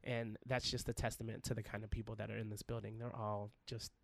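A man's voice: lowish voice, little pitch movement, fast, gravelly, no room sound. A man guesting on a podcast as a Broadway actor, talking earnestly and expressively in a casual interview, laughing often.

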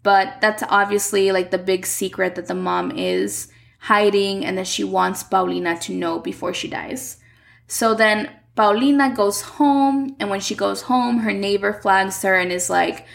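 A chatty young woman walks through a telenovela plot in a relaxed recap, leaning on "like" as she goes. Her mid-pitched voice carries a constant gravelly fry. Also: normal speed. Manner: chatty, uses "like" a lot. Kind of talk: casual story recap.

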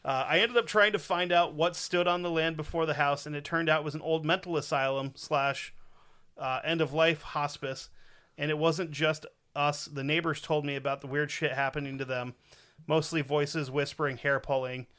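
Casual male podcast host, foul-mouthed, jokey delivery, bright tone. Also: a little high, steady tone, normal speed. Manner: crude, profane, joking. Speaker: podcast host reading a listener's story.

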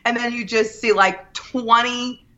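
A woman in her thirties telling a story in a casual chat, animated and quoting people as she goes. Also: fairly high pitch, unhurried, highs cut off. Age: 30s. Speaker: guest.

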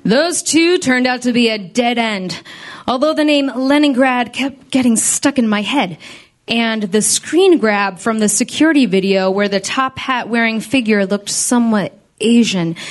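A woman narrating as a hardboiled, wisecracking female detective in a comedy radio play, deadpan and full of puns. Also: fairly high pitch, moderate pace, natural voice.

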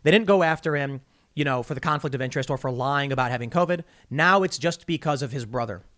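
A man's voice: mid-range voice, quick pace, a bit bright. A man hosting a political commentary podcast, talking in a sarcastic, indignant, mocking way. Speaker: podcast host.

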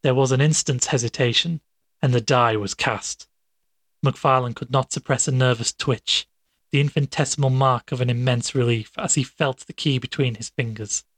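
A man narrating a classic tale as an audiobook, in a measured, dramatic way. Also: medium pitch, steady tone, a bit bright, dry recording.

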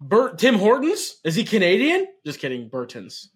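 A man from Nebraska with a fairly high voice, trading easy banter as a podcast co-host. He talks in a loose, joking way and often makes fun of himself. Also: wildly swooping pitch, normal speed, breathy edge. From Nebraska, USA. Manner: joking, self-deprecating. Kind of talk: casual basketball podcast chat.

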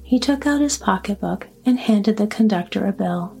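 A woman narrating a story aloud in a steady, even storybook reading. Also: medium pitch, normal speed, creaky, soft background music. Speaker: audiobook narrator.

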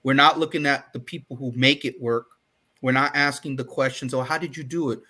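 A man's voice: mid-range voice, fairly even intonation, fairly quick. A man co-hosting a podcast, talking earnestly and emphatically in casual discussion. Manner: earnest, emphatic, gets loud and fired up. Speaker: podcast co-host.

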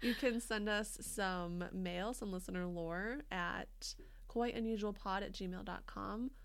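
A woman's voice: mid-range voice, measured pace, smooth. A woman co-hosting a podcast in casual chat, playful and jokey, reading listener mail aloud. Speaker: podcast co-host.

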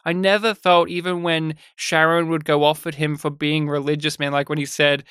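An Australian man chats about a film on a podcast, animated and quick to laugh. His voice sits on the higher side for a man and comes across smooth and resonant. The recording is dry and close. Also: no echo. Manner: animated, acts out scenes in voices, laughs often. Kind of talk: casual film review chat.

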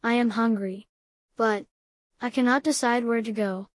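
A woman voicing an earnest, easily frustrated adult male toad in a deadpan storybook reading. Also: fairly high pitch, measured pace, dry recording, lightly acted. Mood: grumbling.

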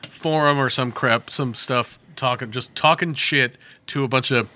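A man's voice: mid-range voice, unhurried, pushed and bright. A man co-hosting a podcast, telling stories with crude language and fillers. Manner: crude, swears a lot, storytelling with fillers. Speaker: podcast co-host. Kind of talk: casual chat.

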